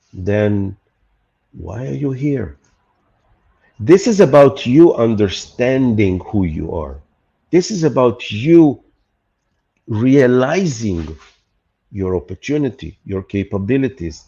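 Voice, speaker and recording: A man's voice: lowish voice, mellow, lo-fi sound. A man who is a podcast guest, speaking emphatically with rhetorical questions and acted-out quotes. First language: Hebrew. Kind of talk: animated conversational podcast talk.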